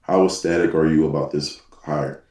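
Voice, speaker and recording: Deep, laid-back young man on a call. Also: steady tone, moderate pace, darkish tone. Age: young adult. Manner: laid-back, uses fillers like um and nah. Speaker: football player guest. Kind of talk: casual interview chat. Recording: echoey, distant call audio.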